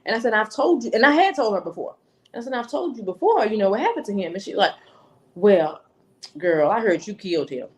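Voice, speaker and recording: A woman's voice: on the high side, big pitch swings, fast, a little mellow. A woman telling a personal story on a podcast, acting out the voices in the dialogue she recalls. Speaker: podcast guest. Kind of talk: storytelling, casual chat.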